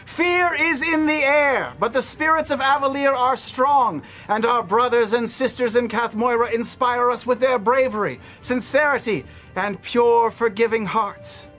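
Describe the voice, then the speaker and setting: A man voicing a grandiose male herald who reads the news in booming, theatrical proclamations. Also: sharp tone, soft background music, exaggerated voice. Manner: booming proclamations, dramatic pauses.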